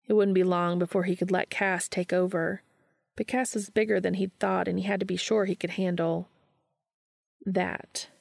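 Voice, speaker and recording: A woman with a low voice and a gravelly, creaky texture narrates a fan fiction audiobook in a steady, unhurried way. The recording is dry and close, with no room sound. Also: no room sound.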